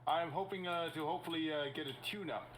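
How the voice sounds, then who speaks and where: A man playing a tabletop game, speaking in a halting way with many fillers. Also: on the high side, fairly bright tone. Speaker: player.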